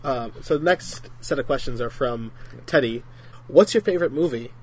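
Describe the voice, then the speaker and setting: A man's voice: mid-range voice, moderate pace, a little mellow, a little hiss or hum. A man hosting a casual podcast chat, reading out listener questions and laughing often. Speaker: podcast host.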